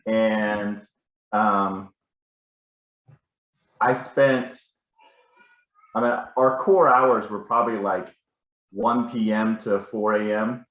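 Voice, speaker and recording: A man's voice: fairly low pitch, steady tone, slow pace, pauses often, reverberant, muffled recording. A man telling rambling, self-correcting stories about a family member at a casual gathering. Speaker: family member sharing memories.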